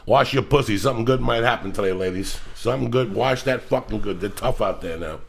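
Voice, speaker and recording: A middle-aged man hosting a podcast, telling rambling, profane stories in a loud, animated way. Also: on the low side, fairly quick, creaky. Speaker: podcast host. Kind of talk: casual podcast chat.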